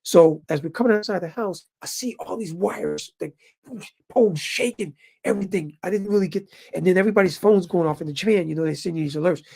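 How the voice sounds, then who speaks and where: A man in his fifties telling his viewers a story in a casual, animated way and calling them brothers. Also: sits high, a little fast, creaky. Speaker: vlogger living in Japan.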